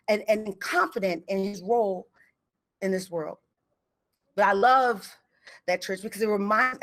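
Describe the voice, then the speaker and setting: A woman telling a personal story on stage, with a middle-pitched voice. She talks in a lively, conversational way and slips into the voices of the people she quotes.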